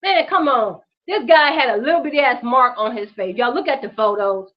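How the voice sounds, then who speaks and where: A woman's voice: a little high, a little fast, highs cut off. A woman hosting her own show, giving a fiery, profane commentary full of rhetorical questions. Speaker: host. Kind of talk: impassioned commentary vlog.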